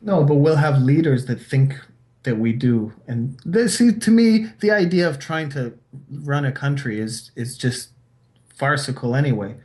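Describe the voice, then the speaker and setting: A man's voice: mid-range voice, lively intonation, a little slow, darkish tone. A man hosting a podcast, talking in a rambling, philosophical way and retelling fables to make his point. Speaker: podcast host. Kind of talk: casual chat.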